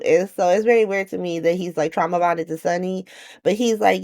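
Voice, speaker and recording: A woman giving a casual, slangy recap of a soap opera, sarcastic and animated, acting out the characters' lines in playful voices. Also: fairly low pitch, moderate pace.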